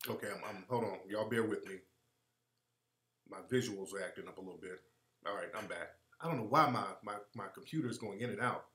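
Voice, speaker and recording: A man's voice: fairly low pitch, a little fast, pushed and bright, roomy sound. A man hosting a live stream, giving heated, preachy commentary and repeating his points for emphasis.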